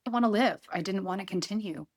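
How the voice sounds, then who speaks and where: A woman's voice: mid-range voice, fast, a little mellow. A middle-aged woman speaking earnestly as an interview guest, often repeating herself and quoting her own thoughts. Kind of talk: emotional interview conversation.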